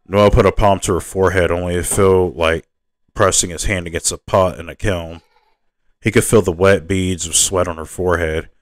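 A man's voice: low voice, steady tone, normal speed, no echo. A man reading his own fantasy novel aloud in a plain narrating voice, now and then stumbling and restarting a word. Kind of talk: audiobook narration.

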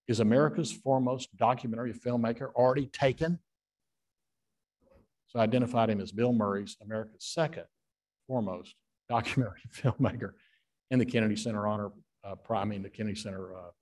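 Low-voiced man telling rambling anecdotes. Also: darkish tone. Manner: rambling, with many filler pauses. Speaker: guest author. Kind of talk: anecdotal storytelling on stage.

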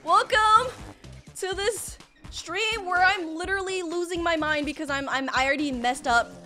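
A young woman streaming live gameplay, excitable and panicky, piling up "oh my gosh" and repeating herself as she reacts. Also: very high voice, soft background music. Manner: excitable, panicky, talks fast with many "oh my gosh".

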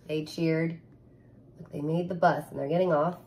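A woman's voice: deep voice, fairly even intonation, unhurried, gravelly, mellow. A woman teacher reading a picture book aloud to children, adding sound effects and asking them questions.

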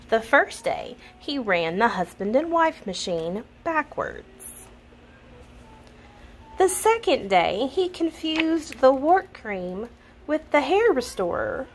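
A woman reading a children's picture book aloud in an expressive storytelling manner. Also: a little high, slight background noise. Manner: expressive, laughs at the funny parts.

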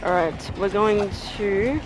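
Excitable young gamer with music behind. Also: mid-range voice. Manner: reactive and excitable, with quick exclamations and laughs. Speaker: gaming video creator. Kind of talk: live gameplay commentary. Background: background music.

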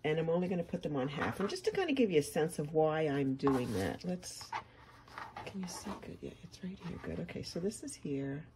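In a deep, sing-song voice at a fairly quick clip, a woman leads a casual quilting tutorial, talking to viewers as she sews. There's noticeable noise in the background.

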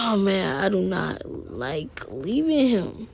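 Slow, slangy woman vlogger. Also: medium pitch, big pitch swings, creaky, sharp tone. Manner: slangy, rambling, talks to viewers. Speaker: gaming vlogger. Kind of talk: casual game commentary with role-play.

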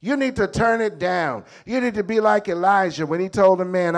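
High-voiced emphatic preacher man. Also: moderate pace. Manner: emphatic, repeats phrases with call-outs of "come on". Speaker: bishop and preacher. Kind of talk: sermon.

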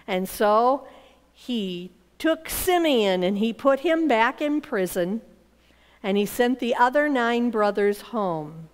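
A woman's voice: on the high side, lively intonation, slow, clean tone, big-room sound. A woman telling a Bible story to children, animating the characters' lines as she teaches. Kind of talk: storytelling Bible lesson for kids.

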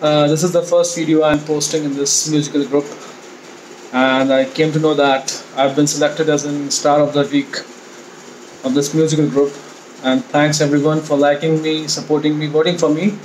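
A man from India, earnestly thanking his online music group in a casual video message, pausing often with "uh". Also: a little high, flat delivery, a little mellow, low-quality recording. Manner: earnest, hesitant, with frequent uh pauses. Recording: faint background noise.

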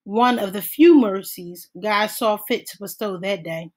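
A woman narrating a novel in a steady, measured audiobook read-aloud. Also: mid-range voice, rough recording.

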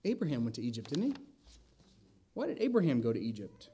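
A man's voice: mid-range voice, wildly swooping pitch, fast, dark tone, slight background noise. A man preaching an expository sermon in a church, asking the congregation rhetorical questions and adding wry asides. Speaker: pastor. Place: church sanctuary.

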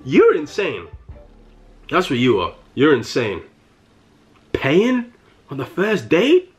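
A young man with a London accent delivers a mock-furious comic rant, his pitch leaping up and down as he repeats every point. He stammers, restarts and laughs at his own lines. A faint beat plays behind him. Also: huge pitch swings, takes it slowly, faint music behind. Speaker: comedy vlogger. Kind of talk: satirical rant to camera.

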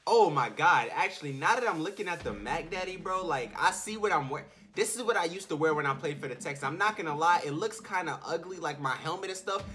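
A man giving loud, excitable, slang-heavy commentary over a football video game, often shouting and chanting. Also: on the high side, fast, hardly any pauses, a little hiss or hum. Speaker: gaming YouTuber.

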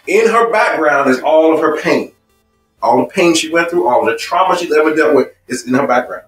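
A man's voice: on the high side, expressive, normal speed, roomy sound, distant mic, soft background music, poor audio. A man teaching a marriage seminar in an emphatic, repetitive way, building points with personal stories. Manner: emphatic and repetitive, stacking phrases. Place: seminar room.

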